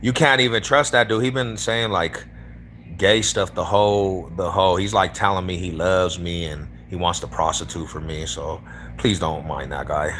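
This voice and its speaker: Deep and steady at a normal pace, this man's fairly bright voice carries a Denver accent from the east side of the city. He chats loosely with strangers on a live stream, calling them homie, bro or fool. A faint hiss or hum is audible.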